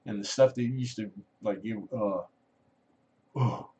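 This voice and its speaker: A man's voice: measured pace, mellow. A man hosting a casual livestream chat, telling a long personal story in a rambling way, laughing often and trailing off. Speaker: livestream host. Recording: muffled low-fidelity audio.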